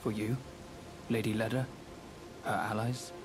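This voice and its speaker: A man doing a hushed, otherworldly spirit servant, speaking in halting, cryptic fragments. Game music plays clearly under him. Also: fairly low pitch, flat delivery, lightly acted.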